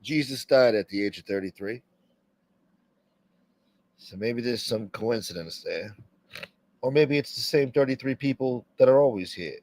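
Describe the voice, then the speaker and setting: A man's voice: mid-range voice, moderate pace, long pauses, darkish tone. A man hosting a casual livestream, rambling, swearing freely and reading viewer comments aloud. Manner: rambling, profane, reads chat aloud. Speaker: livestream host.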